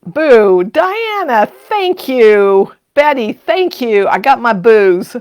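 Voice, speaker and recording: Her voice fairly high and darkish, swinging widely in pitch, an older woman speaks slowly while running a sewing livestream. She keeps the live-stream chat casual, laughing a lot and reading out comments from viewers.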